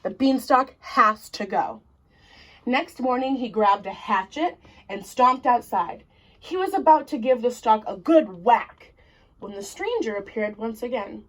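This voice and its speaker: A woman storyteller reads a children's tale aloud. She speaks slowly and expressively, in a voice set a little high. Every sentence is shaped with care. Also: expressive, poor audio.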